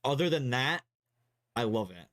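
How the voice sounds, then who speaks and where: A man's voice: mid-range voice, very animated, normal speed, a bit bright. A young man streaming and co-hosting a casual gaming chat, rambling with many fillers and swear words. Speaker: streamer and co-host.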